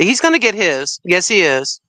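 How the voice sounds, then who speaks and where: Chatty woman with a bright voice. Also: fairly low pitch, sing-song, moderate pace, dry recording, low-quality recording. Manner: chatty, rambling, fond baby-talk to her cat. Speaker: livestream co-host. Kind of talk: casual chat while gardening. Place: garden, watering plants.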